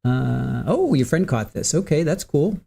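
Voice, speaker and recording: A man's voice: on the high side, sing-song, measured pace, gravelly, dark tone, slightly rough. Chatty man hosting a livestream. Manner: chatty, greets viewers by name, laughs easily. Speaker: livestream host. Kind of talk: casual livestream chat.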